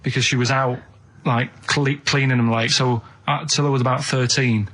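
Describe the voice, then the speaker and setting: A man on a comic radio chat show, telling things in a plain, deadpan, rambling way. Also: mid-range voice, moderate pace.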